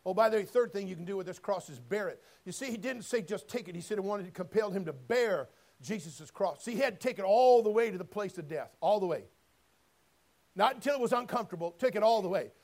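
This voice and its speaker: A man preaching a sermon, folksy and direct, moving between quiet storytelling and loud shouted passages. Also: sits high, lively intonation, fast talker, vocal fry. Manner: folksy, addresses listeners as friend and brother.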